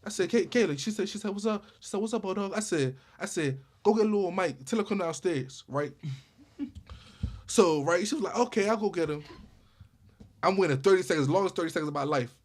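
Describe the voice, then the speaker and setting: A man telling a true story in a casual storytime vlog, animated, with lots of repeated starts like "I said, I said". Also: high voice, fairly quick. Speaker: storyteller vlogger.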